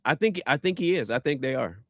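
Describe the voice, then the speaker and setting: A man's voice: medium pitch, lively intonation, quick pace, fairly bright tone, dry recording. A man ranting back at viewer comments in a combative, sarcastic, insulting way. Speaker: online commentator.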